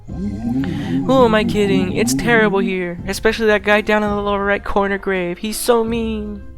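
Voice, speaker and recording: A man voicing a lonely male ghost in an exaggerated, drawn-out ghost voice. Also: high voice, steady tone, over loud music, voice pushed up, natural voice. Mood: complaining.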